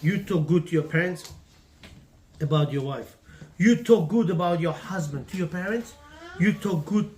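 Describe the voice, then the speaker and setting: A man's voice: sits high, moderate pace, pauses often, a little mellow, a little hiss or hum. A man teaching a class on marriage, preachy and emphatic, in broken English with lots of repetition. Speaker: religious teacher. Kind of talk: Torah class talk on marriage.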